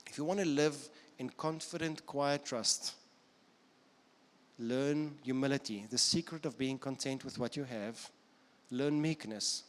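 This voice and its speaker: A South African man preaching an earnest sermon, his voice sitting a little high for a man. He drives points home by repeating them. A long reverb from the church hall trails behind each phrase. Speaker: pastor. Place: church auditorium.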